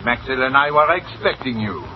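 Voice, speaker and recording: A man's voice: mid-range voice, lively intonation, normal speed, slight background noise, lightly acted. A man doing a bullying, scheming cafe boss, old radio. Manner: theatrical, swings from sly purring to shouted insults. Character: scheming excitable male cafe manager, bullying his cashier. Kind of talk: 1940s radio acting. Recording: muffled old radio recording.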